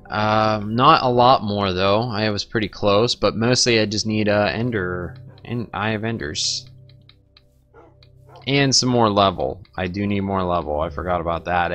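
A young man rambling casually through gameplay commentary, joking and going off on tangents. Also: fairly bright tone. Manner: rambling, joking, talks to his pets in a squeaky baby voice. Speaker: gaming streamer.

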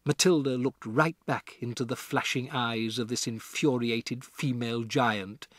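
A man reading a children's novel aloud as an audiobook narrator, with expressive storytelling. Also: mid-range voice, measured pace, hardly any pauses, no room sound, studio quality. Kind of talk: scripted narration.

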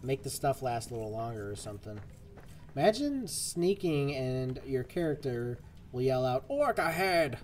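A man's voice: mid-range voice, sing-song, normal speed, dark tone, slight background noise. A man streaming a game, chatting casually and rambling to his viewers as he plays. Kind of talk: casual gameplay commentary.

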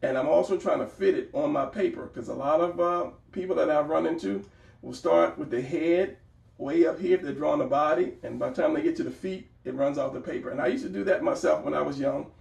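Male art teacher, casual and encouraging, gravelly, recorded off-mic in an echoey room. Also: on the high side, darkish tone. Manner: encouraging, talks while sketching, repeats phrases. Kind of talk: casual drawing tutorial. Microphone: camera mic at a distance. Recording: roomy, distant camera mic.

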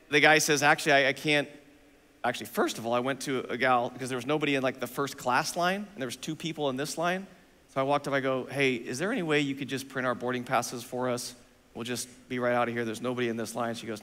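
A male pastor tells a self-mocking story during a sermon. He acts out the dialogue in an animated way, speaking in a church sanctuary. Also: medium pitch. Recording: long reverb of a church hall.

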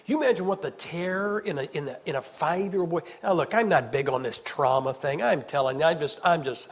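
High-voiced emphatic preacher in a hall. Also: male voice, lively intonation, a little fast, hardly any pauses, breathy edge. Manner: emphatic, rhetorical questions, swings from loud to hushed. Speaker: evangelist preacher. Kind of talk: sermon. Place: large church hall. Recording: long hall reverb.

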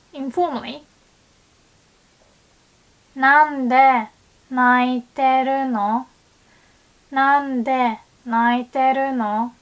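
A woman teaching Japanese grammar in a video lesson, explaining patiently in English and slowly repeating Japanese example phrases. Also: a little high, gravelly.

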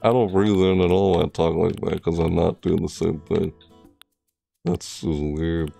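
A man streaming a game, chatting casually and rambling with jokes, sometimes breaking into loud high squeals. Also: fairly even intonation, normal speed, gravelly, no room sound, soft background music. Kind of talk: casual gameplay commentary.

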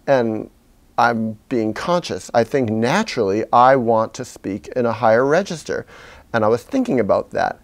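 Man, gravelly voice, middle pitch, slow halting reflective monologue to camera, pushed low from the chest. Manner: slow, halting and self-searching, deliberately speaking low from the chest. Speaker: video blogger. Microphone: camera he is sitting in front of.

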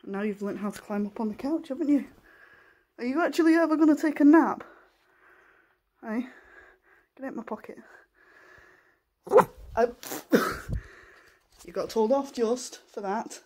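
A woman filming a casual home vlog in her living room, talking softly and in coaxing baby talk to a puppy, often half-whispering, on a handheld camera. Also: a little high, animated, measured pace, long pauses, a little hiss or hum. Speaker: vlogger.

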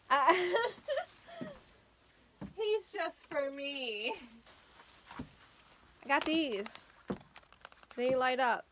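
Sharp-toned and medium-pitched, a cosplay vlogger talks through photoshoot setup at home in a casual vlog, with slight background noise. The fangs they're wearing slur their words a little; they're worn out from an early morning, chatty, laughing a lot, and trailing off.

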